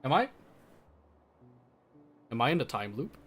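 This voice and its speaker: A man's voice: mid-range voice, sing-song, a little slow, a bit bright, slightly rough, faint music behind. A young man live-streaming a game, chatting casually with his viewers in a playful, teasing, mock-defensive way. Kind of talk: casual live-stream chat while gaming.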